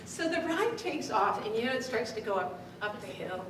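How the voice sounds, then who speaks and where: A woman with a fairly high voice tells a story to a live audience, animated and quick to laugh. She was recorded from a distance in an echoey room, with clear background noise. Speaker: speaking coach.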